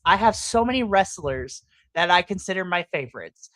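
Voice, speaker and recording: A woman's voice: fairly low pitch, expressive, moderate pace, fairly bright tone, dry recording. A woman hosting a live podcast in a casual chat. She rants with passion, breaking into playful, exaggerated asides. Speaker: podcast host. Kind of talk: casual livestream reaction chat.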